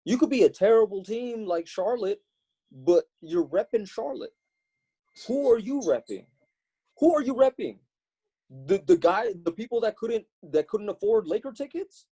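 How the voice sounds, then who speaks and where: A man's voice: sits high, lively intonation, moderate pace, mellow, breathy edge. A young man from Los Angeles co-hosting a comedy podcast, lecturing emphatically in casual chat. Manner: lecturing, emphatic, tag questions. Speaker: podcast co-host.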